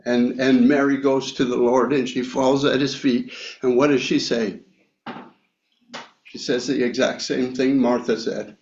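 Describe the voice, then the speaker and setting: A preacher delivers a slow, reflective sermon mixing Bible reading with a personal story, pausing often and filling gaps with small hesitations. His middle-pitched voice is level and darkish, echoing in a room with slightly dull sound and a little hiss or hum.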